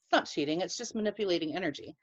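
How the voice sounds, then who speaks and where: A woman co-hosting a casual podcast over a video call, talking with a lot of expression. Her pitch swings up and down widely as she talks. The audio comes through dull and lo-fi. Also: rapid-fire. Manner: expressive, animated. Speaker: podcast co-host. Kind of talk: casual chat. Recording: dull lo-fi sound.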